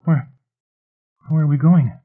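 A man's voice: fairly high pitch, fairly even intonation, takes it slowly, pitched above the performer's own voice. A man playing a strained, pleading man in pain. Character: anxious man in pain, protesting. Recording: tinny phone-like audio.

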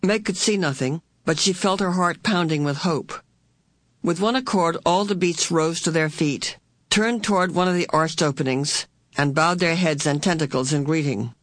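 Woman reading a novel aloud, steady and even, dry close mic, no room sound. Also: deep voice, normal speed, no echo. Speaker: audiobook narrator. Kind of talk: scripted narration.

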